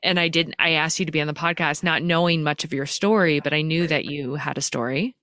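Female podcast host, lowish voice, dry close sound, frank and chatty. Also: brisk, fairly bright tone, dry recording. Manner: chatty, frank, laughs easily, swears casually. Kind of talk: casual interview conversation.

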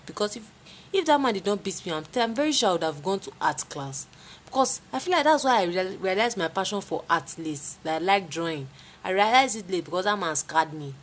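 Lively Nigerian woman telling a story. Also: brisk, slight background noise. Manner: lively, dramatic retelling with sudden jumps in pitch. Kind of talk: casual storytelling.

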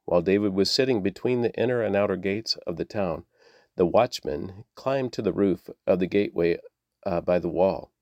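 Low-voiced man reading scripture. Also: dry recording, highs cut off. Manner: steady, measured, with small slips. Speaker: Bible reader.

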